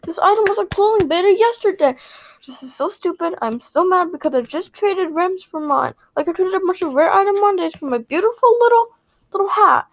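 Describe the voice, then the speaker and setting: A woman's voice: extremely high pitch, expressive, a little fast, no room sound. A female gaming vlog host ranting indignantly in a casual, rambling way, repeating herself and filling with "like".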